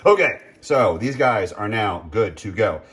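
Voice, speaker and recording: A man chats casually as he cooks in his home kitchen, a vlogger who rambles, interrupts himself, and fills gaps with ums and uhs. He has a lowish, animated, fairly bright voice, takes his time, and a little hiss or hum can be heard.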